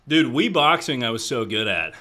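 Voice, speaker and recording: A man's voice: mid-range voice, sing-song, normal speed, bright, forceful tone. A young man streaming a game live, chatting casually and swearing freely as he talks to his chat between rounds. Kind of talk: casual livestream chat while playing. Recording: roomy echo.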